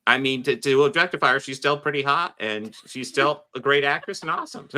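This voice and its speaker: A man's voice: mid-range voice, fairly quick, bright, forceful tone. A man hosting a casual chat about a TV series, rambling, swearing and laughing often.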